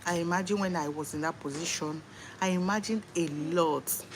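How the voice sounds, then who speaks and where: A woman's voice: fairly low pitch, normal speed, a little hiss or hum, poor audio. A young woman with a Nigerian accent, a new mother talking earnestly about faith on a casual livestream from home. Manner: earnest, faith-filled talk. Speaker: livestream host.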